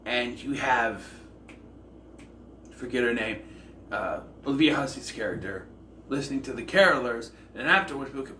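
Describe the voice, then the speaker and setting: This film reviewer and channel host talks casually and rambles, correcting himself and using lots of fillers. His medium-pitched voice is bright and forceful with lively intonation, a moderate pace, and long pauses. He's far from the mic in an echoey room with faint ambient noise.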